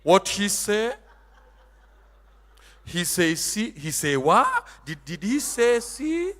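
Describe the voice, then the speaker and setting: A man preaching a sermon, emphatic and theatrical, dropping into Swahili, shouting and turning sing-song. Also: high voice, sing-song, takes it slowly, big-room sound. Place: church hall.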